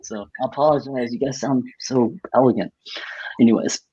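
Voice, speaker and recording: Man telling stories with lively swearing. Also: mid-range voice, moderate pace, slightly rough. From Arkansas, United States. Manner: animated, swearing, self-mocking, acts out quoted voices. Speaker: playwright panelist. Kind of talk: casual storytelling on a video panel. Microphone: video call. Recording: dull lo-fi video call audio.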